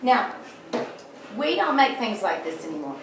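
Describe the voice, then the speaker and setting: An unhurried woman guide with a mid-range voice and big pitch swings chats her way through a tour of a large historic house, full of folksy stories and jokes. The recording is echoey, made from far off, with background noise.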